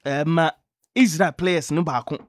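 Ghanaian male radio sports host, lively storyteller, higher pitch, dry booth. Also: normal speed, dry recording. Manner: lively storytelling, mixing in English phrases. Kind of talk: sports news radio talk.

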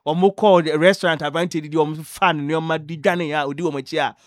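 Ghanaian male radio sports host, lively storyteller, higher pitch, dry booth. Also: fast, no echo. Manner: lively storytelling, mixing in English phrases. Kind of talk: sports news radio talk.

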